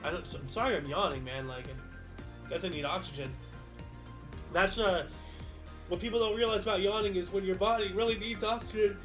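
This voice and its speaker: Casual history stream host guy, high pitched, chatty rambling asides, faint music underneath. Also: normal speed, pauses often. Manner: reads dates brightly, then mutters loose asides.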